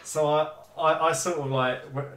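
A man's voice: a little high, fairly even intonation, normal speed, fairly bright tone, distant mic. A man co-hosting a football podcast, telling a story in casual chat with lots of fillers and restarts. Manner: hesitant, many fillers and restarts. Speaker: podcast co-host. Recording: echoey room, voice a bit off-mic.

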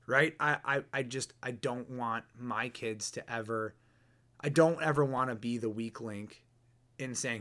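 A man's voice: mid-range voice, a little slow, sharp tone. A man in his thirties hosts a podcast and gives a casual motivational talk in a mid-range voice. He is blunt and earnest and keeps restarting his phrases as he thinks. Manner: earnest, blunt, repeats words while thinking. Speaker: podcast host.

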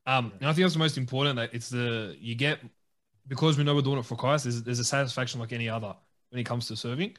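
A man co-hosting a casual Christian chat, upbeat and quick to laugh. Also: mid-range voice, steady tone, a bit bright. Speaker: podcast co-host.

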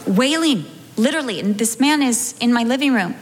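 A middle-aged pastor's wife giving a humorous personal testimony in a sermon, animated and acting out her own past reactions. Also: fairly high pitch, brisk, in a large hall. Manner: animated storytelling, acting out her own wails and self-talk.

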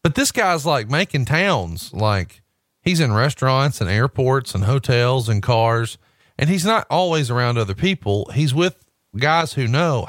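A man's voice: mid-range voice, unhurried, no echo, studio quality. Blunt, foul-mouthed podcast man. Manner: blunt, profane, animated banter. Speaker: podcast co-host. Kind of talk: casual chat.

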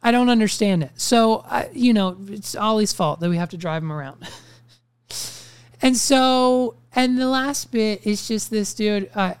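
A young man rants his way through a casual podcast monologue, swearing freely as he talks. His voice comes through smooth and resonant, recorded close and dry with no room sound. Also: high voice, dry recording. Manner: ranting, profane, animated storytelling. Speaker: podcast host.

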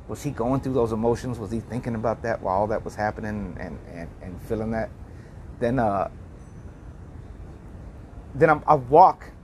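A man telling a personal story in a loose, wandering way. He stops and restarts often and reflects out loud as he goes. His voice sits at an ordinary pitch, with a faint hiss of noise in the background. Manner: rambling and reflective, with many restarts and "like".

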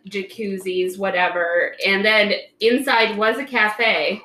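Bright-voiced chatty woman host. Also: mid-range voice, steady tone, slow, roomy sound, low-quality recording. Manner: chatty, laughs often, many fillers. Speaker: podcast host. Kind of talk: casual chat.

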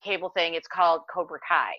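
A woman co-hosting a podcast, telling a story in a casual, excitable, animated way and swearing freely. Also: lowish voice, fairly quick. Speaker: podcast co-host. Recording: dry, dull lo-fi recording.

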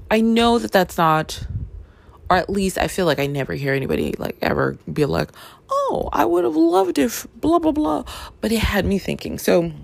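A woman's voice: deep voice, creaky. A woman vlogging about books in a casual, rambling chat, full of fillers and playful asides. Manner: animated, playful enthusiasm. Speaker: book vlogger.

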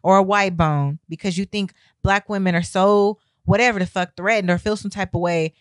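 A fed-up woman delivers a blunt, profanity-laced rant straight to her viewers, her emphasis hard and exasperated. Her voice sits at a middling pitch. The sound is dry and close, with no room around it. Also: fairly even intonation, normal speed, no room sound. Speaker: vlogger. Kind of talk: heated opinion rant to camera.

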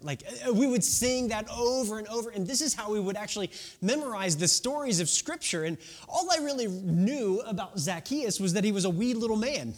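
A man's voice: high voice, animated, brisk. A man preaching a casual, conversational sermon, retelling a Bible story and checking in with "right?". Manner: sings a children's song.

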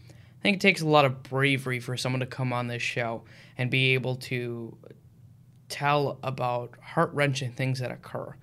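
A man's voice: medium pitch, fairly even intonation, normal speed, bright, forceful tone. A man hosting a casual interview podcast, eager and stumbling over his words at times. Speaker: podcast host.

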